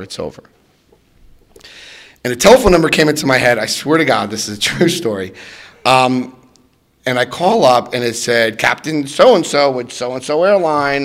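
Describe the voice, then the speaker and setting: Animated man in his fifties telling his story. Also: medium pitch. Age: 50s. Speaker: recovery speaker. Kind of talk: personal recovery story told to an audience.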